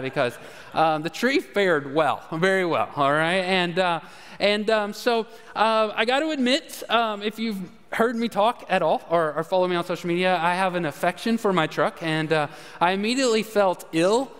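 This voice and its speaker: A man with a high, smooth and resonant voice gives a sermon as a folksy, self-deprecating story. He fills it with fillers and "all right?" asides. His voice rings out with a long reverb, as in a large sanctuary. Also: fairly bright tone. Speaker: pastor.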